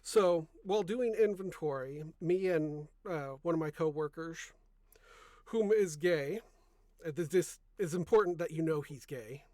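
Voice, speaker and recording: This is a young podcast host with a slightly high voice who speaks a little slowly, recorded dry with clean studio sound. He's soft-spoken and rambling in his casual chat, often revising sentences as he goes.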